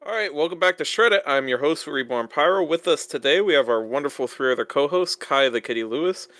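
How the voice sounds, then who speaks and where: A man hosting a casual group podcast, brash and quick to swear, talking into a mic over an online call. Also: fairly high pitch, animated, a bit bright, dry recording. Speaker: podcast host.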